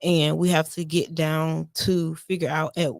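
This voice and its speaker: Calm, earnest woman coaching parents. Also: deep voice, unhurried, creaky, dry recording, studio quality. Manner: earnest, repeats herself, acts out lines to her kids. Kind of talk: casual podcast conversation.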